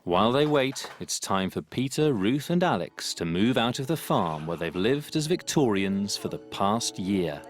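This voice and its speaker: A man reading a scripted documentary voice-over in a measured way. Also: lowish voice, very animated. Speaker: documentary narrator. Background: background music.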